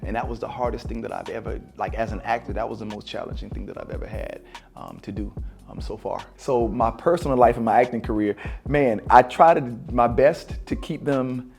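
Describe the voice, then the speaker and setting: A man in his forties, an actor and former teacher, talks to camera in a sit-down interview, sounding reflective, spiritual, and casual with plenty of fillers. His lowish voice is gravelly and darkish, fairly quick, with big pitch swings, and music plays underneath.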